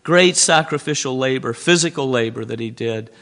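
A male preacher telling a story in a sermon, pausing now and then with "uh" fillers. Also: medium pitch, fairly bright tone.

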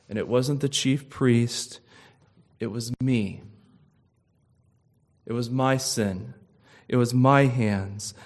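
A middle-aged man delivers a sermon at an unhurried, deliberate pace. His preaching is emphatic and climbs to loud, impassioned peaks. His voice sits at an ordinary male pitch.

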